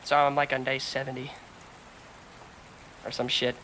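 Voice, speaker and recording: A woman chatting on a podcast with a bright, forceful voice. She tells a long work story in an animated, profane way, slipping into quick impressions of the people in it. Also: a bass voice, a little hiss or hum, low-quality recording. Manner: animated storyteller, heavy swearing, acts out quotes. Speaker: podcast co-host. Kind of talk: casual chat.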